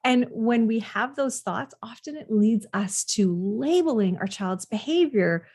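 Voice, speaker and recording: A woman's voice: on the high side, lively intonation, measured pace, darkish tone, husky. A woman parenting coach giving direct advice, speaking earnestly straight to the listener.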